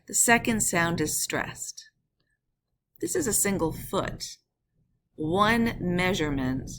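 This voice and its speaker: Woman teacher, lower voice, patient lesson narration, noisy background. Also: a bit bright. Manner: explains patiently, slows to read verse in a measured beat.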